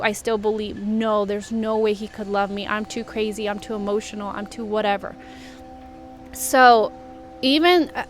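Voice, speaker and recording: A young woman talking candidly and reflectively about her own life, rambling a little with fillers. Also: a little high. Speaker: vlogger and coach. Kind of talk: personal confessional talk.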